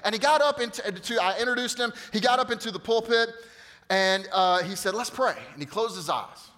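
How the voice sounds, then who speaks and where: A male pastor telling a funny story in a sermon, animated and jokey, acting out the quotes. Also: high voice, fairly quick. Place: church auditorium.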